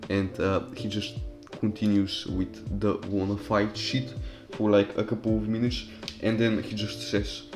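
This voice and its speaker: A man's voice: lowish voice, flat delivery, measured pace, music in the background. A young man casually telling a personal story over gameplay, profane and rambling, with loose restarts. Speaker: storytime commentary YouTuber.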